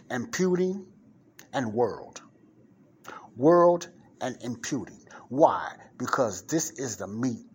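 A man teaching the Bible on his podcast in an informal, plain-spoken way, repeating key words and hitting them with loud emphasis. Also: medium pitch, slight background noise. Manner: plain-spoken, conversational asides to listeners.

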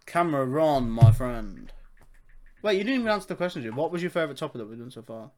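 A young man with a Birmingham accent hosting a casual podcast, talking fast, swearing and laughing with his co-host. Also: fairly high pitch, sing-song. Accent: Birmingham English. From Birmingham, England. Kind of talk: casual chat.

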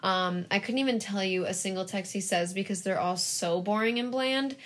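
A woman's voice: medium pitch, moderate pace. A young woman co-hosting a podcast, chatting casually and rambling through a film retelling with lots of fillers. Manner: rambling, heavy use of "like", animated retelling. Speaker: podcast co-host. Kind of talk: casual chat.

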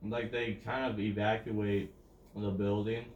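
Man, lowish voice, casual rambling movie chat, echoey room, distant mic, faint hiss. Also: little pitch movement, a little slow, darkish tone, muffled recording. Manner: rambling, trails off and restarts. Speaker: podcast co-host.

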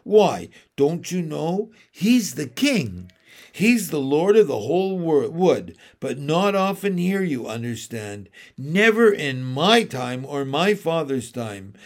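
A man's voice: a little high, big pitch swings, slow, exaggerated voice. A man reading aloud from a storybook, voicing a hearty but gloomy male talking beaver with folksy, earnest speech.

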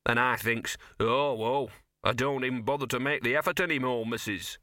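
A man's voice: medium pitch, normal speed, pushed and bright, dry recording, clean studio sound, close to an everyday voice. A man voicing a scruffy, sardonic male talking dog who grumbles in slangy street talk. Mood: wry.

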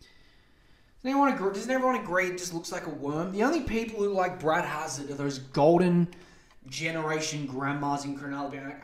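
A man's voice: a little high, normal speed. An Australian man hosting a comedy podcast, ranting and rambling with lots of swearing as he hands out mock advice. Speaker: podcast host. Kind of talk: comedic rant. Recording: roomy echo.

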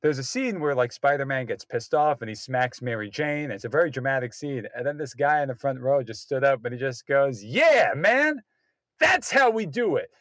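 A man's voice: mid-range voice, fairly quick, hardly any pauses, dry recording. A man in a casual chat, telling long rambling anecdotes that keep restarting, and punching up the quoted lines. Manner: rambling, self-interrupting anecdotes with loud acted quotes. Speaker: guest comedy writer.

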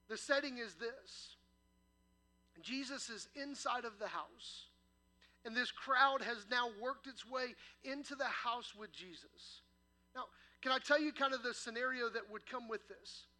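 High bright-voiced pastor preaching. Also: male voice. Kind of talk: sermon. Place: church sanctuary.

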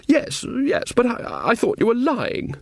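A man voicing a blustering older male wizard chief who stammers and raises his pitch in an audiobook. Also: wildly swooping pitch, a little slow, creaky, dry recording, studio quality, exaggerated voice. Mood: bluff.

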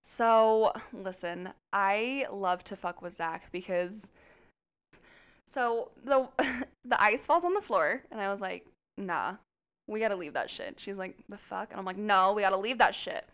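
A young woman co-hosting a podcast tells a story in casual chat, swearing a lot and laughing throughout as an animated storyteller. Her voice is medium in pitch, a little slow, and clean in tone.

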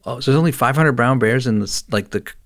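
A man hosting a podcast in casual chat, easygoing and quick to laugh, chiming in often. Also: medium pitch, fairly bright tone. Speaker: podcast host.

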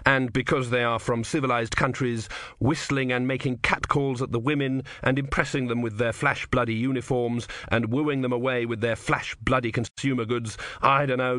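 A male narrator reads a comic novel in a wry, measured storytelling voice. His pitch sits in the middle of the range. The studio recording is dry, with no room sound. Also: a bit bright, no room sound. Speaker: audiobook narrator. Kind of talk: scripted narration.

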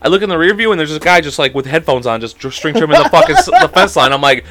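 A young man co-hosting a loose, profane podcast chat. He tells stories animatedly, his voice bouncing up and down with a bright, forceful edge. It sits slightly high for a man. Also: quick pace. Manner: animated storyteller, heavy swearing. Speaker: podcast co-host.

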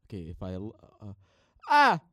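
A young man rambling playfully while testing a microphone, now and then breaking into loud shouts. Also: lowish voice, moderate pace, no echo, clean studio sound. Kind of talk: casual mic-testing rambling.

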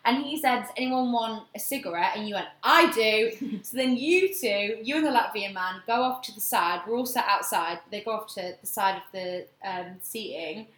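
A young woman casually telling a story on a chat show, animated and laughing often. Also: mid-range voice, normal speed, few pauses. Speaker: podcast co-host. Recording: echoey room.

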